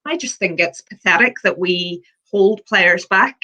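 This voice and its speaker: Earnest bright-voiced woman on football. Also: medium pitch, measured pace, rough recording. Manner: earnest, thinks aloud with restarts. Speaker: podcast co-host. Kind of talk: casual football banter.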